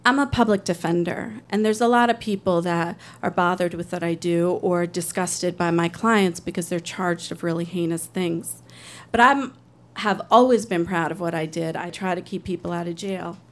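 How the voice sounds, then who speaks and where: A woman's voice: on the low side, fairly even intonation, normal speed. Woman telling her own story on stage, earnest, chatty, does little voices for people. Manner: earnest, conversational, acts out other people's voices. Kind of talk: live personal storytelling.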